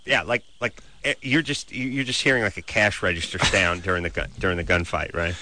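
A man in casual banter as a show host, joking and animated, with his pitch jumping up when he gets excited. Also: brisk, slight background noise.

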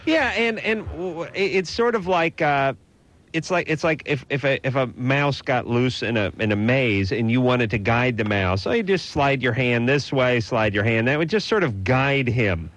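A man's voice: medium pitch, expressive, normal speed, fairly bright tone. Wisecracking male radio host. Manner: wisecracking, playful teasing. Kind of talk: joking advice talk.

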